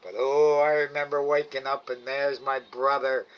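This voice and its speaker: A man's voice: mid-range voice, level tone, normal speed, a little hiss or hum. A middle-aged man hosting a livestream, chatting casually to viewers, rambling, chuckling and trailing off often. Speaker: livestream host. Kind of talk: casual chat reading viewer comments. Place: home, live night cam stream. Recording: slightly dull lo-fi stream audio.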